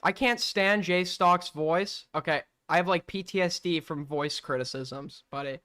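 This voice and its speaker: A man's voice: a little high, a little slow, pushed and bright, smooth. A man hosting a livestream call-in show, talking bluntly and profanely and firing off rhetorical questions. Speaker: streamer host taking call-ins. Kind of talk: casual livestream commentary.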